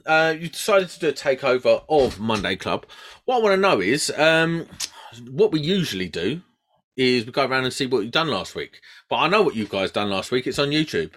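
Male host, casual teasing banter, mid pitch. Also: sing-song, a little fast, a bit bright. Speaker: podcast host. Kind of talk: casual chat.

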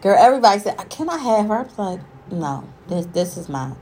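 A young woman chatting casually, expressive, with frequent affirmations. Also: mid-range voice, a little fast, crowd noise. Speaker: show host. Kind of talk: casual chat.

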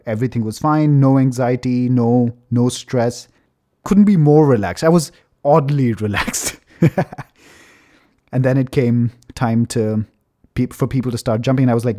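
A man tells a personal story in a relaxed, chatty way. His voice is mellow and warm at a middling pitch. He swears casually and laughs at himself. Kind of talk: casual anecdote.

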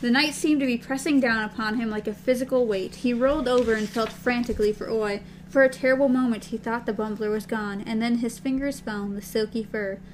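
A woman's voice: a little high, fairly even intonation, a little fast, few pauses, a little hiss or hum, rough recording. A woman co-hosting a casual book discussion, recapping and reading passages aloud.

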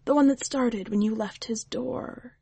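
A woman voicing a shrewd, wry witch who speaks patiently and gently, like a teacher, in a storybook reading. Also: a little high, unhurried, slightly rough, no room sound, voice pushed up.

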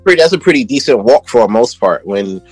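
A man's voice: mid-range voice, lively intonation, quick pace, breathy edge, no echo. A man, a music producer telling stories as an interview guest in a slangy, laid-back way. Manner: laid-back, slangy, many "you know what I'm saying" fillers. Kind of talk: casual storytelling chat.

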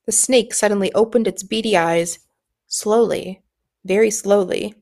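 A woman reads a novel aloud in a steady, even storytelling manner. Her pitch sits at an ordinary middle height for a woman. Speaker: audiobook reader.

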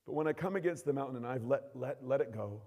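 A male pastor preaching, his voice rising to shouts and dropping to near whispers as he acts out the lines. His mid-range voice rings out with a long hall reverb. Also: mid-range voice, fast talker. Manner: lively preaching, acts out quotes, swings from loud to hushed. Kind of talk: sermon.

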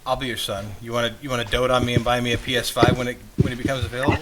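A man's voice: mid-range voice, level tone, racing, fairly bright tone, low-quality recording. A man bantering in a casual podcast, teasing and joking playfully with his friends.

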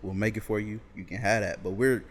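Laid-back young man, low voice. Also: fairly even intonation, a little fast. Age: young adult. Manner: laid-back storytelling with lots of "like", acts out his friends. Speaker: guest, sketch video creator. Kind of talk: casual podcast chat.

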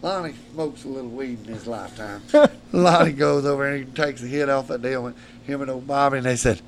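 A man's voice: medium pitch, a little fast, vocal fry, crowd noise. A man, a podcast guest telling wild stories in a studio, laughing often and swearing freely. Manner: animated, laughs often, salty language. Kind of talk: rowdy storytelling.

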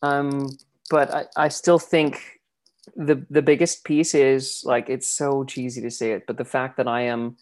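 Male guest, mid pitch, reflective and rambling with frequent fillers, casual interview. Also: little pitch movement, unhurried. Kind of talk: casual interview about faith.

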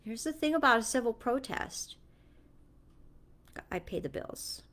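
A woman's voice: on the high side, animated, measured pace, fairly bright tone. Earnest woman telling a parenting story. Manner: earnest, storytelling, speaks with conviction. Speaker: mother sharing a story and Bible reflections. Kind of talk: casual reflective vlog talk.

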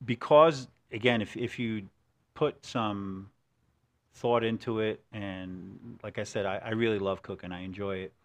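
A man in casual podcast chat, telling stories with lively restarts and put-on quotes. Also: lowish voice, a little slow. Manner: animated storyteller, many restarts.

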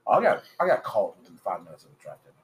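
A man's voice: fairly low pitch, huge pitch swings, rapid-fire, poor audio. A young man talking casually on a podcast, laid-back and understated, often restarting his sentences. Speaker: podcast co-host. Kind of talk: casual chat.

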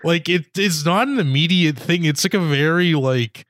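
A man's voice: fairly high pitch, normal speed, a bit bright, dry recording, clean studio sound. A man in casual chat reviewing a movie, rambling with lots of "like" and mock-quoting characters. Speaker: podcast co-host.

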